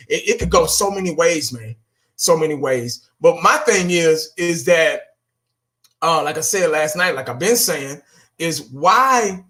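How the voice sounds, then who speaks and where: A man's voice: a little high, expressive, a little slow, sharp tone. A man hosting his own channel, ranting bluntly and with profanity, talking straight to his viewers. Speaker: fan channel host. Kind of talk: casual solo rant.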